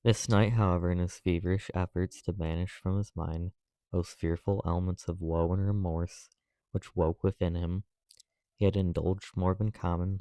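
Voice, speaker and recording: Low flat-voiced guy narrating an old novel, dark tone, dry close mic. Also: clear, resonant tone, dry recording. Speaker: audiobook narrator. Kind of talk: audiobook narration.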